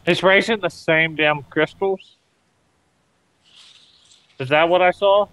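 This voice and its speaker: A man's voice: fairly high pitch, steady tone, slow, a bit bright, no echo. A man playing a tabletop game, speaking in a blunt, matter-of-fact way. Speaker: player. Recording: dry, dull sound.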